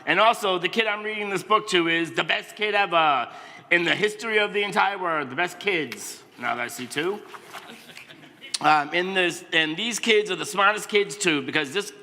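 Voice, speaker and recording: Here the same sort of scene: a man in his 50s, high-pitched and sharp-toned at normal speed, playfully reads a children's book aloud to kids in a big church sanctuary. Self-mocking and full of exaggerated silly sounds, he's heard in a reverberant hall with faint noise.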